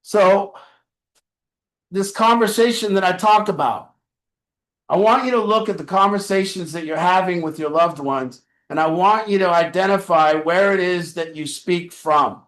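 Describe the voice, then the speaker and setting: A man with a high voice gives a motivational talk to a support group, driving his points home with repeated rhetorical questions. His words ring out in an echoey meeting room. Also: moderate pace, a bit bright. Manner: earnest, repetitive preaching cadence with rhetorical questions. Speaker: addiction family support group leader.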